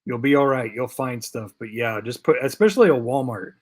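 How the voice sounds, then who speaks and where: Medium-pitched and husky, talking a little fast, this man runs a casual live diecast chat stream. He rambles through viewer comments with plenty of fillers and repetition, seems worn out from lack of sleep, and jokingly fakes a Canadian accent.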